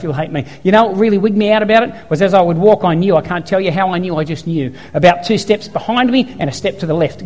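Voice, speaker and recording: A man's voice: sits high, long reverb tail. A man preaching a sermon as a pastor, telling stories, acting out quotes and hammering points home through repetition. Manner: storytelling, emphatic repetition, acts out quotes.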